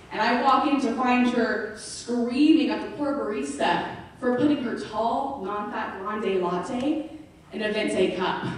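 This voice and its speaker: A young woman doing a stand-up comedy set, animated storytelling with acted-out quotes, recorded from a distant camera in a club. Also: on the high side. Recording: echoey venue heard from far off.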